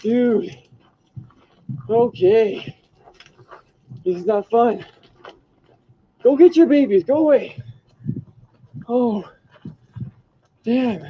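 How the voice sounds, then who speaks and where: Frightened man yelling outdoors. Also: very high voice, very slow, pauses often, slight background noise. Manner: frantic, yelling and cursing. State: frightened, heart racing. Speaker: hiker filming a wild animal. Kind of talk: panicked shouting at an animal. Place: outdoors on a trail. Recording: dull lo-fi clip.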